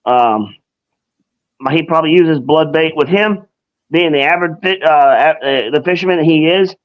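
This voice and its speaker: A man's voice: a little high, moderate pace. Rambling male co-host on muffled audio. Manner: rambling, many restarts and fillers. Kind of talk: casual live-stream chat.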